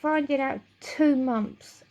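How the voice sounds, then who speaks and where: A woman's voice: high-pitched, takes it slowly, mellow, muffled recording. A middle-aged woman telling a painful personal story to camera, emotional and rambling, with swearing and frequent restarts. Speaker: vlogger.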